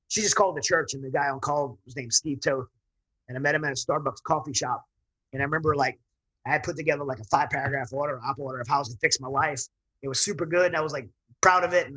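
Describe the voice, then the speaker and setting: A man's voice: fairly high pitch, steady tone, fast, fairly bright tone, low-quality recording. A man, a military veteran guest, telling his personal story in an earnest, rambling way with frequent restarts.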